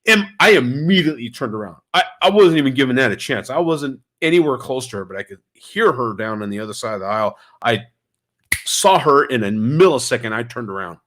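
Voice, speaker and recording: Man, casual vlogger with a slightly stuffy nose, swooping lively delivery, middle pitch, chatty and animated. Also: a little fast. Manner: animated storyteller, reads and answers chat comments. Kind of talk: casual livestream chat.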